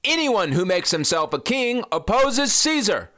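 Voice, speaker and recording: A man voicing an angry crowd of accusers in a scripture reading, shouting in a strained, high voice. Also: big pitch swings, a little slow, full character voice. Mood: demanding.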